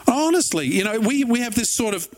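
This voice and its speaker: A middle-aged man preaching in a high, light voice. He speaks earnestly yet conversationally, slipping in wry asides between points. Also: sing-song, brisk, a little hiss or hum. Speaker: pastor. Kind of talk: sermon.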